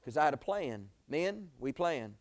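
A man, preaching a sermon in a folksy storytelling way, jumping from loud exclamations to quiet asides. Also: fairly high pitch, big pitch swings, a little slow. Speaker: pastor.

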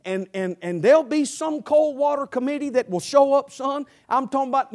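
A man's voice: very high voice, brisk, hardly any pauses, darkish tone. A man preaching a sermon as pastor, emphatic, repetitive and humorous.

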